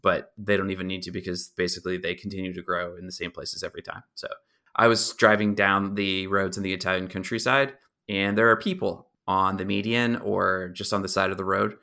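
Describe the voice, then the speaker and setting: A young man co-hosts a casual film review podcast, laying out trivia in an easy, informative manner with dry asides. His voice sits fairly low with a noticeable gravelly texture. The tone stays forward and bright despite the low pitch. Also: a little fast. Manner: informative, relaxed, dry humor. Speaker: podcast co-host. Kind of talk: casual movie review chat.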